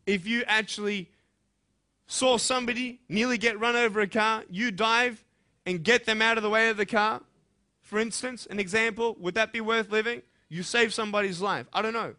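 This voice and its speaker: A young adult man giving an earnest, emphatic motivational speech to students, moving between hushed and loud passages. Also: high voice, fairly even intonation, moderate pace. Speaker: motivational speaker.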